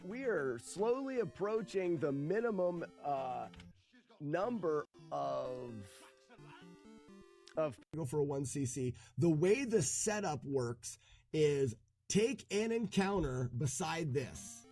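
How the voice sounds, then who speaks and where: A man's voice: a little high, sing-song, slow, darkish tone, faint music behind. A man streaming a retro game, chatting casually and talking viewers through his route. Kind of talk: live gameplay commentary.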